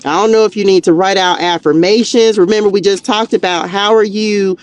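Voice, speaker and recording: A woman's voice: medium pitch, fairly even intonation, a little fast. A woman with a Southern US drawl leads a live tarot reading in a loose, chatty way. She peppers her talk with "child" and "y'all," laughs easily, and keeps lifting her viewers up. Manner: warm encouraging pep talk, laughs easily. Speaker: tarot reader and spiritual coach.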